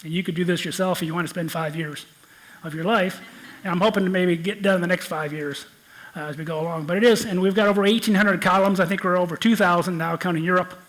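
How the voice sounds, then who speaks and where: A man's voice: high-pitched, steady tone, quick pace, a bit bright, low-quality recording. A man with a Michigan accent giving a conversational geology lecture from slides, often repeating words as he explains. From Michigan, United States. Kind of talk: lecture presentation.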